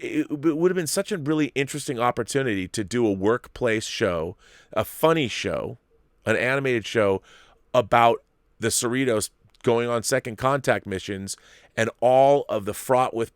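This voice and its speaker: A man's voice: medium pitch, normal speed, smooth, no echo, clean studio sound. A man hosting a commentary show, ranting emphatically and animatedly about a series he dislikes. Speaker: host. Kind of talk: opinionated commentary.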